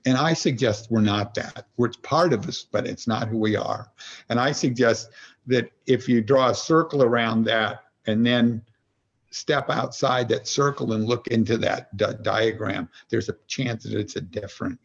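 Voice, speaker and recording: Guy on a podcast telling stories, raspy kinda gravelly voice, restarts a lot, muffled audio. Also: mid-range voice. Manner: storytelling, acts out little voices, halting restarts. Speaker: podcast guest, author. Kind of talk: conversational explanation.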